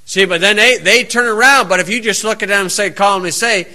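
Scripture comes first in this male preacher's folksy sermon, read at an unhurried, measured pace in his high, very bright voice. Then he settles into easygoing, down-to-earth tales about daily life.

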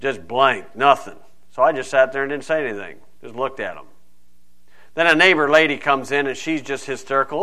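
Folksy man preaching, bright forceful voice. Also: mid-range voice, a little fast. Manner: folksy, digressive Bible teaching. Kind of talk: sermon.

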